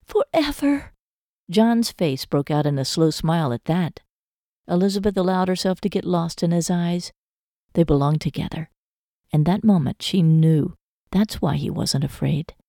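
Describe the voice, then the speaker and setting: A woman narrating a romance novel audiobook in a measured, emotive storytelling manner. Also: fairly low pitch, warm tone, dry recording, studio quality.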